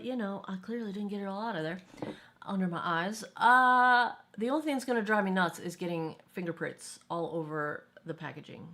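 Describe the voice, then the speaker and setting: A woman beauty vlogger chatting casually through a makeup review, rambling with quick asides, filmed on a phone camera held at arm's length. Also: medium pitch, a bit bright.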